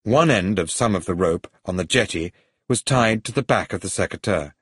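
A man narrating an adventure story at a steady, even storytelling pace. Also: low-pitched, moderate pace, breathy edge, no room sound, clean studio sound. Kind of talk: audiobook story reading.

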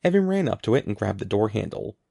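A man reading a children's story aloud as scripted narration, in a lively, expressive way. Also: lowish voice, fast talker, gravelly, no echo, studio quality. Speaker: audiobook narrator.

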